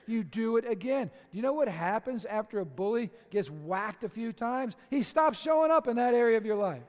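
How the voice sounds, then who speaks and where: A male pastor preaching a sermon with passion, swinging from shouts to conversational asides with the congregation. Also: sits high, expressive, moderate pace, hardly any pauses. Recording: long hall reverb.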